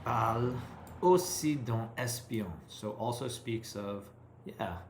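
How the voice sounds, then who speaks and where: An English-speaking man practicing French, reading a story aloud slowly, stopping to translate and think through each line in English. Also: medium pitch, vocal fry, roomy sound, slight background noise. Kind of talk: self-recorded reading practice.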